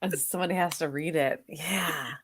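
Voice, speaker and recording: A woman co-hosting a casual film podcast, expressive and often hesitant, gasping and laughing. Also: low voice, normal speed, slightly rough, no echo, studio quality. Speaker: podcast co-host.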